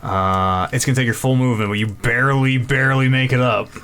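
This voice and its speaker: Halting male dungeon master. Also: mid-range voice, steady tone, fairly bright tone. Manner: halting, lots of uhs and restarts. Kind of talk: running a tabletop game.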